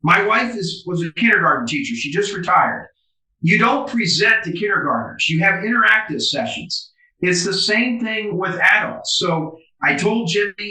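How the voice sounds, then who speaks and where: A man's voice: high-pitched, animated, moderate pace, bright, forceful tone. A man being interviewed as a business coach over a video call, talking emphatically and animatedly. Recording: roomy, distant video call audio.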